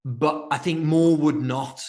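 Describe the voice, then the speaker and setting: A man's voice: on the high side, fairly even intonation, slow pace, dark tone. A man hosting a podcast interview, thoughtfully framing questions for his listeners. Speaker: podcast host. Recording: roomy echo.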